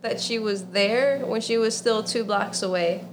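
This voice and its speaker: A woman's voice: medium pitch, measured pace, crowd noise. A woman co-hosting a casual podcast, recounting a story between laughs. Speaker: podcast co-host.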